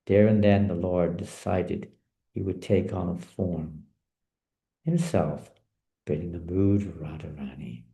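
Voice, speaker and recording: A man tells a sacred story in a sermon, dark and mellow in tone with a gravelly edge. He talks in an animated, storytelling way. The sound is roomy and echoey. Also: low voice, unhurried. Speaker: spiritual teacher. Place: in India.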